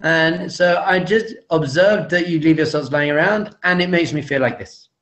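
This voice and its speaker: A middle-aged man speaking to an audience with a slightly raised voice. He jokes a lot and stretches his point with emphatic repetitions and teasing pauses. His tone is that of a rabbi invited as a guest speaker. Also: on the high side, a bit bright. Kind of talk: humorous talk to an audience.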